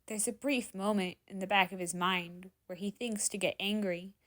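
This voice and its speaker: A woman reading fan fiction aloud in dramatic story narration, expressive and sometimes dropping to a hushed whisper. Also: mid-range voice, normal speed. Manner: expressive, drops to hushed whispers in tense moments. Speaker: fanfiction reader.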